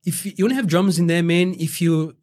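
A man's voice: high-pitched, fast talker, a little mellow. Young Australian man, interview guest, rambling street talk, swears often. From Brazil, raised in Australia. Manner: rambling, heavy swearing and fillers, quotes himself. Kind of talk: casual interview storytelling.

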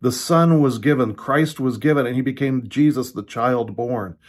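Earnest man teaching scripture from home. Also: medium pitch. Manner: earnest, halting, with restarts and quoted verses. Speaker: pastor. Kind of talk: online Bible teaching. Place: his home. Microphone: computer or phone camera.

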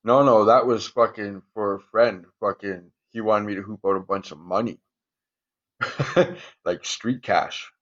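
Low-voiced man, profane storyteller. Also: a little slow, highs cut off. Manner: profane, rambling, chuckles often. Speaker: guest, former prisoner. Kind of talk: casual storytelling in a podcast interview.

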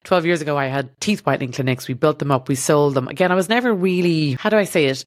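A woman's voice: sits low, fast, dry recording. An Irish woman hosting a podcast from a studio, talking in a rambling, self-deprecating comedic monologue that swears freely. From Ireland. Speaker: podcast host.

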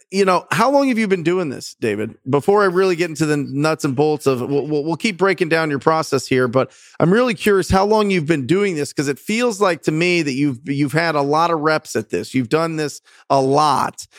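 On a clean studio recording with no echo, a man with a fairly high voice hosts a conversational interview with a real estate wholesaler. He's enthusiastic and coaching, praising his guest and asking about his methods.

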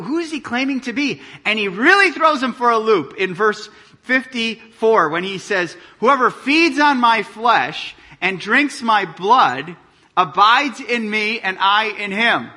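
A man preaching a sermon, reading scripture aloud and explaining it with animated emphasis. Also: high-pitched. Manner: animated preaching, reads scripture aloud, drops to quiet intensity. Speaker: pastor.

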